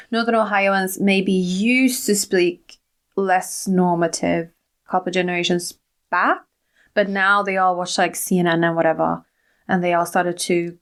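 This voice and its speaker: A woman co-hosting a casual podcast, offering theories and short chatty interjections. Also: fairly low pitch. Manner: speculative, chatty, quick interjections. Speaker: podcast co-host.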